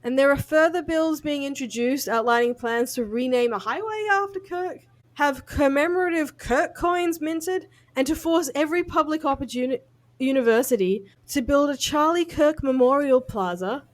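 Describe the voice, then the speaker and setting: A woman with a fairly high voice talks through the news as a podcast co-host. She is blunt and casual, swearing freely and laughing at her own jokes. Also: moderate pace.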